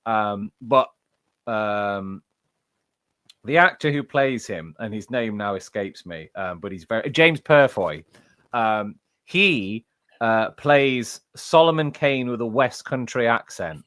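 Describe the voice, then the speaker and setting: A man's voice: lowish voice, animated, slow pace, fairly bright tone, dry recording. Chatty man with a dry close sound. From England. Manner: rambling, many fillers and restarts. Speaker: audiobook narrator. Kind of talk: casual chat.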